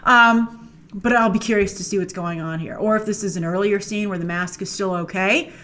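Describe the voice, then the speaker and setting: This woman's mid-range voice stays steady, fairly bright, and moderately paced as she hosts commentary over a film trailer. She talks casually and playfully, with lots of thinking-aloud asides.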